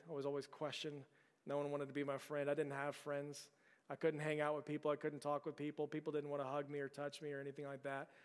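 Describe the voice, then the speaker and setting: A man preaching a sermon, telling a story in an earnest way that often stumbles over repeated words. His voice is resonant and somewhat high for a man. It rings out with the long reverb of a large hall. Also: smooth. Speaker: pastor.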